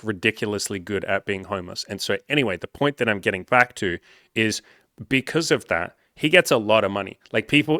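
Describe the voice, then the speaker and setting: A podcast host reads comments and tells stories in a fairly low voice that is bright and forceful. He is a young man, casual and animated, who peppers his storytelling with "like" fillers and swearing. The recording is clean studio sound with no room sound.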